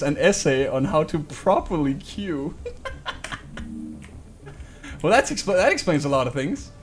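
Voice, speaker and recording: A man's voice: fairly high pitch, a little hiss or hum. A young man streaming a game live, reading item texts aloud with joking asides. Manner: reads item text aloud with jokey asides. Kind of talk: live game playthrough commentary.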